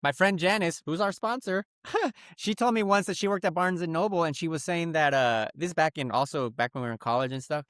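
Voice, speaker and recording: Animated storytelling man, dry mic. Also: on the high side, brisk, dry recording. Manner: animated storyteller, acts out quotes. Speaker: podcast co-host. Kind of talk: casual chat.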